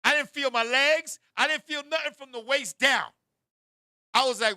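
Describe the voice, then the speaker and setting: A man hosting a talk show, telling a raunchy story in an animated way, bursting into shouts and turning to his co-host again and again. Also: very high voice, normal speed, dry recording, clean studio sound.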